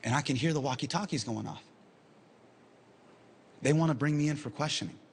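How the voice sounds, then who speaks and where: A man doing animated stand-up storytelling on a live stage, acting out the people in his story. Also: fairly high pitch, a little fast, creaky. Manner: animated, acts out characters. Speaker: stand-up comedian. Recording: loud live crowd and noise.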